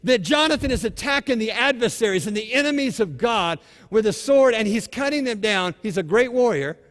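A male pastor preaching a sermon in an animated, exhorting way, acting out scripture scenes as he goes. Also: high voice, brisk, big-room sound.

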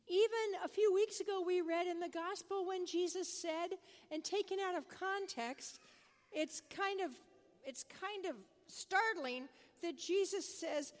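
High-voiced older woman preaching in a reverberant hall. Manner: conversational, animated storyteller. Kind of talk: sermon storytelling. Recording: long reverb of a large hall.

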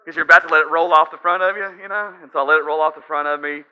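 A man's voice: on the high side, steady tone, rapid-fire, clear, resonant tone. A man preaching a sermon in a conversational, storytelling way, with frequent asides to the listeners. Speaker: pastor. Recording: slightly dull lo-fi sound.

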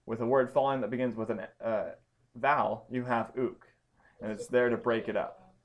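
A man's voice: medium pitch, fairly even intonation, normal speed. A man teaching a Bible study lesson, explaining Greek grammar step by step with frequent ums and restarts.

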